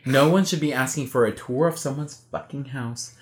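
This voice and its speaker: A woman's voice: rumbling low, moderate pace, echoey room. A woman in a casual movie chat, cracking profane jokes. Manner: profane, wisecracking. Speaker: podcast co-host.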